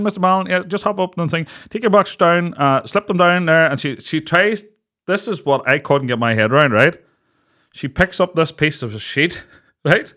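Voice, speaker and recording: A man in his late thirties with a Northern Irish accent, hosting a podcast and telling crude stories with lots of laughter. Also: lowish voice. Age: late 30s. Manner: laughing storyteller, crude jokes, lively. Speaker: podcast host. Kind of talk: casual chat.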